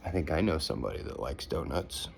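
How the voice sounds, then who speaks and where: A man's voice: extremely low pitch, animated, fast, vocal fry, slight background noise. A father reading a bedtime story to his daughter, breaking off for playful, teasing asides.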